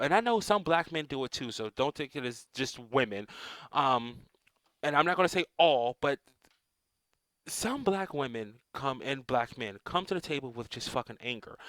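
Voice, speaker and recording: A man delivers a blunt, profanity-laced rant straight to camera, his voice at an ordinary middle pitch. He stumbles through restarts and filler sounds as he goes. The sound is close and dry. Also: fairly bright tone, no room sound, rough recording. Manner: profane, blunt, repetitive, with frequent hedging restarts and "um"s. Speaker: vlogger. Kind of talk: casual ranting monologue.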